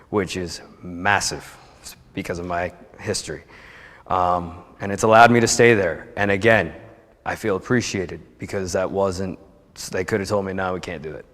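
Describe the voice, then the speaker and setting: A man's voice: sits low, a bit bright. Young man rambling through a story in a church. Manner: chatty, rambling storyteller with restarts, heartfelt. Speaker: church member giving a testimony. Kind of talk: informal personal testimony. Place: church sanctuary. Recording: long reverb of a church hall.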